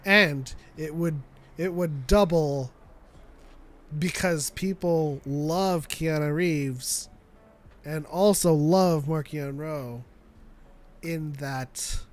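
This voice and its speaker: A man co-hosting a live show in casual chat, jokey and quick to laugh, trailing off and restarting. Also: a little high. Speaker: podcast co-host.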